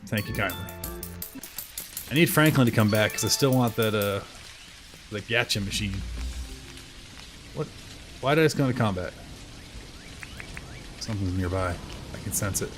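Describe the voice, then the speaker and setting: A man's voice: on the low side, moderate pace, long pauses, fairly bright tone, rough recording. A man chatting casually while live-streaming a video game, rambling through asides and poking fun at himself. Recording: game music playing clearly behind.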